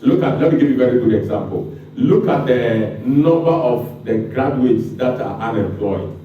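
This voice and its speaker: A man's voice: medium pitch, lively intonation, moderate pace, lo-fi sound, a little hiss or hum. A man with a Ghanaian accent giving a public lecture, impassioned and firing rhetorical questions at the audience. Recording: very echoey room, mic far off.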